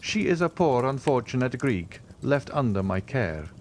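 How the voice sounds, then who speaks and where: A man's voice: mid-range voice, sing-song, moderate pace, a little hiss or hum, voice pushed up, close to an everyday voice. A man voicing a suave, mysterious wealthy count in an audiobook, with formal, courtly phrasing.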